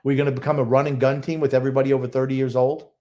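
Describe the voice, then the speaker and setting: A man's voice: medium pitch, little pitch movement, very fast, dark tone. A man co-hosting a casual sports podcast, giving blunt, grumbling opinions. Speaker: podcast co-host.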